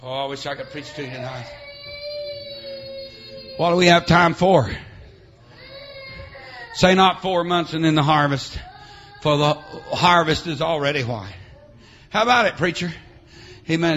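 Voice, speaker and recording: A middle-aged man preaching a revival sermon in a church over a PA. He punctuates his lines with "uh, amen" and "huh?" and swings between shouted preaching and quiet storytelling. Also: fairly high pitch, moderate pace, pauses often. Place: church sanctuary with PA.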